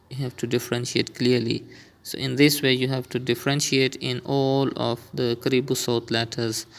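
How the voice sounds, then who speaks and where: This instructor speaks in a mid-range, gravelly voice with a clean tone. In his beginner Quran reading lesson, he takes learners through the rules stepwise, slowly and patiently repeating each sound.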